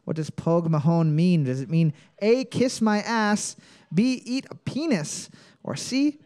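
A man's voice: high-pitched, measured pace, a little mellow. A man hosting a comedic trivia quiz, playfully reading each question twice with exaggerated emphasis. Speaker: quiz host.

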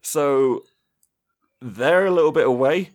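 A man's voice: on the high side, takes it slowly. A man narrating as game master in a tabletop role-playing session, playful and chuckling as he describes the scene.

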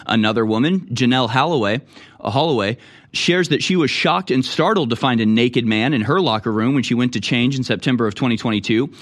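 A man hosting a political commentary show, reading news stories aloud and reacting with indignant, mocking remarks. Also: mid-range voice. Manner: indignant, mocking, puts on voices for people he quotes. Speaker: political talk show host.

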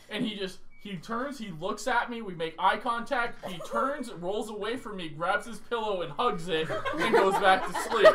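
A man's voice: high-pitched, normal speed, few pauses, recorded from a distance, a crowd in the background. A young man co-hosting a podcast, telling a story casually and animatedly, swearing and laughing as he goes. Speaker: podcast co-host.

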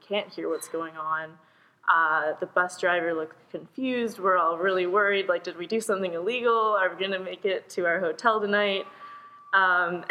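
A young woman in her twenties, a university volleyball player, telling a story on a podcast in an animated way and laughing as she goes. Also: fairly low pitch, low-quality recording.

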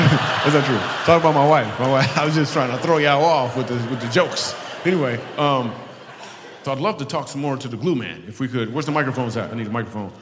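Guy doing crowd work at a comedy show, ribbing people in the crowd, big roomy hall with audience noise. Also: medium pitch. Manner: playful teasing banter with audience members. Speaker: stand-up comedian. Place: live show in a large venue with an audience. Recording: echoey hall with audience ambience.

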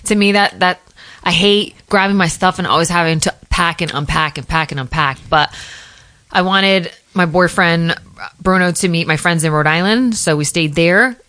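Fast-talking woman host, lowish voice. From US Northeast. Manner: fast, animated storyteller. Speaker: podcast host. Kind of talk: casual chat.

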